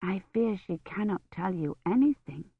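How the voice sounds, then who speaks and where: A woman reading a careful, soft-spoken noblewoman. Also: medium pitch, lively intonation, normal speed, slightly rough, dry recording, narrow, tinny audio. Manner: careful, hushed speech.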